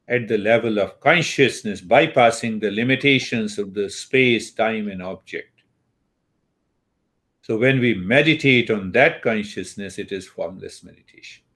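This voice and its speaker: A man teaching meditation slowly and calmly, with long pauses and Sanskrit terms. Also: lowish voice. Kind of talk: spiritual teaching talk.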